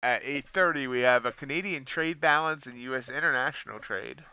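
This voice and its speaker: A man's voice: mid-range voice, a little fast, bright, forceful tone, clear, resonant tone, no echo, muffled recording. A man hosting a trading livestream, reading out the day's schedule and chatting in an easygoing, self-deprecating way. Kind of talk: casual livestream chat.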